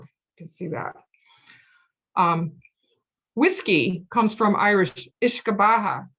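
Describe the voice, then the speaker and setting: A woman lecturer from the United States talks through her slides in a friendly, chatty way. She fills her pauses with "um" and "okay," and her voice sits at a middling pitch over a video call microphone. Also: fairly bright tone.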